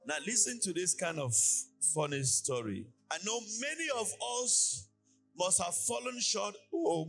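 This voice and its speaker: High-pitched male pastor from cameroon, sing-song preaching in church, faint music under it. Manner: sing-song preaching cadence with lively swings and illustrative asides. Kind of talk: sermon.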